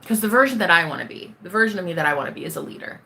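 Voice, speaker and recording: A woman's voice: on the low side, expressive, racing, vocal fry, bright, forceful tone. A manifestation coach, a woman, talking to the camera in a blunt, profane rant, scolding herself and calling the viewer honey and baby. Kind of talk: ranting self-talk vlog.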